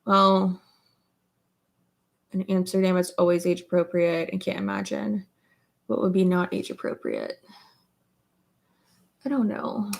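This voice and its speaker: A woman's voice: mid-range voice, level tone, unhurried, creaky, pauses often. A woman livestreaming as a beauty creator, chatting casually while she does her makeup, rambling with lots of filler words.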